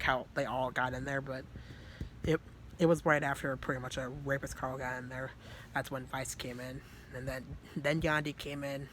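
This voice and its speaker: A man telling a story to his viewers in a rambling, casual way, full of fillers and casual swearing, mostly soft-spoken. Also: mid-range voice, slight background noise. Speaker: vlogger.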